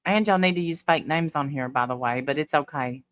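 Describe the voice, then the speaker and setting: A woman's voice: low-pitched, fairly quick, dry recording. A woman hosting a casual livestream, chatting bluntly and talking back to her viewers' comments. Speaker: livestream host. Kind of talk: casual live chat reading comments.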